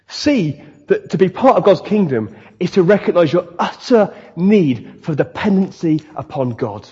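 Brief: male preacher, slightly high, husky voice, echoing hall with dull sound. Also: moderate pace. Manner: animated, acts out quoted voices. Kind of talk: sermon. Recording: dull, long-reverb hall.

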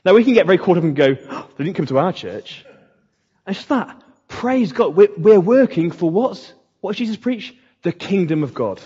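A man's voice: high-pitched, lively intonation, fairly quick, warm tone, breathy edge. A man, a pastor giving a conversational sermon, mocking quoted voices now and then. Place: church hall. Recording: echoey hall, dull lo-fi sound.

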